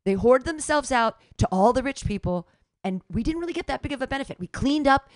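A woman co-hosting a podcast, telling stories in a lively, indignant way. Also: high-pitched, a little fast, no echo, studio quality. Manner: animated, indignant storytelling. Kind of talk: casual chat.

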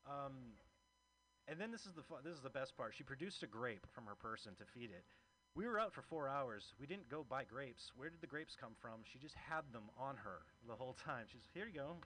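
Male comedian and open-mic emcee, bright, forceful tone, loose, rambling, chuckling delivery. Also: mid-range voice, animated, moderate pace, slight background noise, poor audio. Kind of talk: stand-up comedy set.

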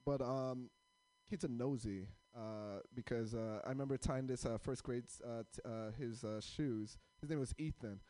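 A man's voice: mid-range voice, normal speed, mellow, no room sound. A man doing stand-up comedy with crowd work, rambling and self-deprecating as he stops and starts over his fillers.

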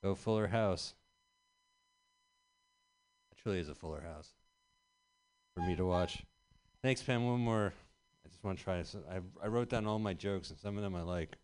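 Deep-voiced man doing rambling stand-up. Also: moderate pace, pauses often, smooth. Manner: rambling deadpan delivery with bursts of loud emphasis. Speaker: stand-up comedian. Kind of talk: stand-up set at an open mic. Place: small comedy venue.

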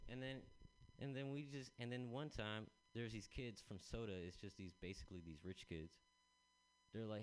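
A man's voice: fairly low pitch, moderate pace, low-quality recording. A man telling a rambling stand-up story, swearing and acting out the people he quotes. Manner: animated, swearing, acts out quotes. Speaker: stand-up comedian.

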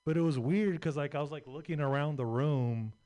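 A man's voice: on the high side, brisk, warm tone. A young adult man doing a stand-up set, rambling and crude with lots of filler words. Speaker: stand-up comedian.

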